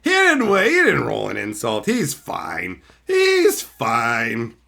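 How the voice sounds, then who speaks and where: A man's voice: medium pitch, slow pace, gravelly. A man live-streaming as he opens card packs, chatting casually and hurling profane, mock insults with frequent laughs. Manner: excitable, laughs often.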